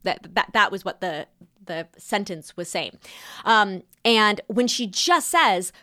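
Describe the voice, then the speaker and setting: A young adult woman hosting a podcast, talking in a chatty, animated way with quick asides. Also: mid-range voice, no echo, studio quality. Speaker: podcast host and style teacher. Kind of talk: casual podcast monologue.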